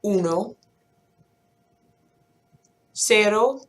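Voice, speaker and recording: A woman teacher leads a language lesson at an unhurried pace, speaking slowly and deliberately. She explains in English, then counts and quizzes numbers aloud with clear, careful pronunciation. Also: medium pitch. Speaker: Spanish teacher.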